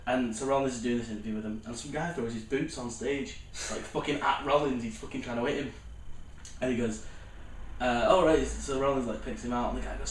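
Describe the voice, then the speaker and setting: A man's voice: mid-range voice, steady tone, fairly quick. A man hosting a podcast, telling stories in a rambling, sweary casual chat. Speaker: podcast host. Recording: roomy room, distant mic, faint noise.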